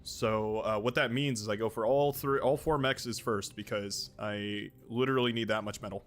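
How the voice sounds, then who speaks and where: A man's voice: on the low side, fairly even intonation, normal speed. A man streaming a strategy game, chatting casually and rambling into joking asides while he plays. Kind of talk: casual gameplay commentary.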